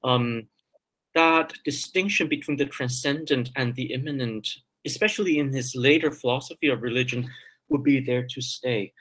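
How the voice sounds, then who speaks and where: A man's voice: medium pitch, moderate pace, fairly bright tone, low-quality recording. A man being interviewed as a guest scholar, talking hesitantly with many ums and repeated words. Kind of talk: interview discussion.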